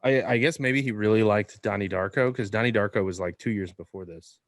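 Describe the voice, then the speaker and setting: Male podcast guest, low and quick, wry one-liners. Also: no echo, clean studio sound. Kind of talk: casual chat.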